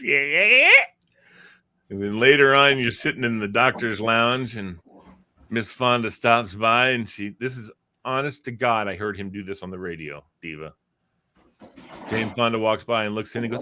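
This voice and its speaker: A man's voice: fairly low pitch, measured pace, long pauses. A man host in casual chat, animatedly retelling old radio bits and acting out the voices. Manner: animated storyteller, acts out voices. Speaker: show host.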